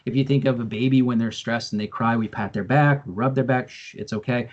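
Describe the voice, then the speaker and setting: A man's voice: medium pitch, fairly even intonation, fairly quick, highs cut off. Man giving a video-call training talk. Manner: earnest, explanatory, with frequent fillers and repeated words. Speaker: presenter. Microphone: video call microphone.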